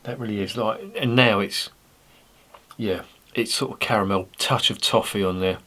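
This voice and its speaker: A man's voice: fairly low pitch, moderate pace, pushed and bright. A man, giving a casual, rambling, sweary beer review monologue. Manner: rambling, sweary, blunt banter.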